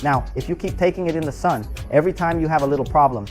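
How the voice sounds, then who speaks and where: A chatty reviewer talks through an episode in a loose, rambling way. The speaker often tags lines with "right?" and "bro", at a middle pitch, with faint music behind. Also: very fast. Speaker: show reviewer. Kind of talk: casual episode recap and review.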